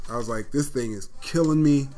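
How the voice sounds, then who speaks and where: A former pro football player telling stories in a casual interview, acting out what others said. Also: male voice, medium pitch, fairly quick. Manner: animated anecdotes, acts out quoted voices.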